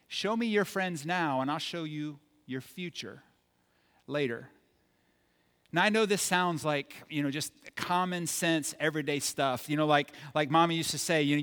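Male pastor, sermon delivery, casual humor mixed with emphatic points, a bit higher voice. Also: normal speed, a bit bright. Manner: conversational, joking, emphatic. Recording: long hall reverb.

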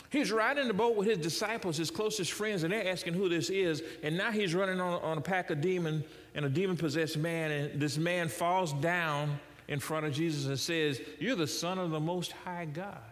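A man's voice: high voice, moderate pace, long reverb tail. A man preaching a sermon in a conversational way, reading scripture and asking rhetorical questions. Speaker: pastor.

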